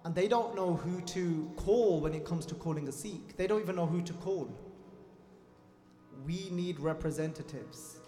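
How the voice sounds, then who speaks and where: Brief: male preacher, fervent and emphatic, slightly high voice, long hall reverb, faint music under. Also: normal speed, dark tone. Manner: fervent, emphatic repetition, addresses crowd directly. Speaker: Sikh preacher. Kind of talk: impassioned sermon to congregation.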